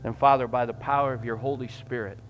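A man preaching a sermon in a church, emphatic and rising loud, then praying in a hushed voice. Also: medium pitch, steady tone, fast talker, faint music behind. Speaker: pastor. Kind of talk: sermon and closing prayer. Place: church sanctuary.

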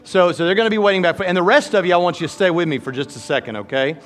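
A man preaching an altar call, folksy and joking, with an animated, lively delivery. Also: high voice, very fast. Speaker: pastor.

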